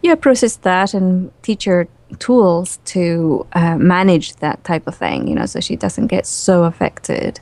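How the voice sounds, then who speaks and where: A woman guest in a relaxed, chatty interview who laughs easily and uses lots of fillers. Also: lowish voice, a little slow, vocal fry, few pauses, no room sound. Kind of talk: casual spoken interview.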